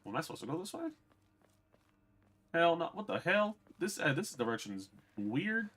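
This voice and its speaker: A man's voice: on the high side, very animated, normal speed, fairly bright tone. A man streaming a game, chatting casually and profanely to his viewers. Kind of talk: casual gameplay commentary.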